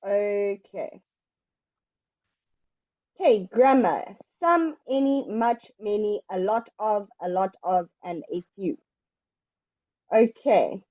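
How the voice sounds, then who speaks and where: A woman teaching English one-on-one, explaining slowly and patiently. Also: mid-range voice, dry recording, muffled recording. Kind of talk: one-on-one online English lesson.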